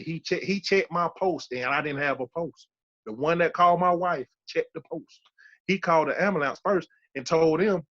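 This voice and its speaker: A man in his thirties shares his survival testimony on a podcast, speaking with conviction and driving his points home through repetition. His voice sits a little high for a man. The recording sounds muffled and lo-fi. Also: a bit bright. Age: 30s. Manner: emphatic, repeats key phrases for weight. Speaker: podcast guest giving a testimony. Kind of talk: emotional personal testimony.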